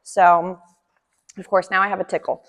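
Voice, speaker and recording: A woman's voice: fairly low pitch, little pitch movement, moderate pace, a bit bright. A woman dog trainer giving a friendly, chatty demonstration lesson, talking through each step and praising the dog as she works. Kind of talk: instructional demonstration. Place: indoor training room. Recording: echoey room reverb.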